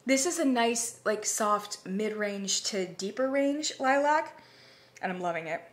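A woman chatting casually to camera as she reviews candles, animated, now and then dropping to a whisper. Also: medium pitch, takes it slowly. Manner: chatty, animated, swearing, drops into whispers and mock voices.

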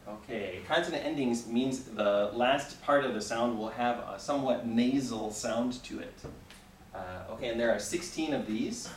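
A man's voice: mid-range voice, moderate pace, slight background noise. A man teaching a Mandarin class, patiently leading students through repeat-after-me drills and encouraging them often. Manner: patient, encouraging, frequent "okay" checks. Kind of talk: classroom language lesson, call and response. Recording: echoey room, recorded from far off.

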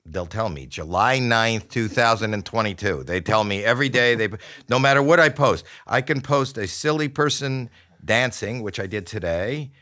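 An older man, a podcast guest, talking in casual chat, flustered and halting with many restarts. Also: fairly low pitch, animated, sharp tone. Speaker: celebrity guest.

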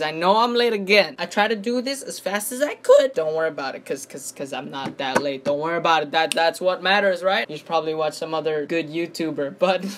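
A man's voice: high-pitched, fairly bright tone. A young man vlogging in a casual, joking way, swearing constantly and mocking himself, often stumbling over repeated words. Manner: profane, self-mocking, stammering restarts. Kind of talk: casual comedic vlog chat.

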